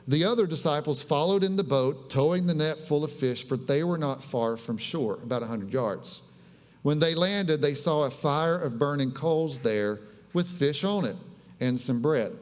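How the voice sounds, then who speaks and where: Pastor, joking and chatty, slightly high voice, big reverberant church. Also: male voice. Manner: humorous, conversational preaching with playful paraphrases. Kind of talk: sermon. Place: church sanctuary.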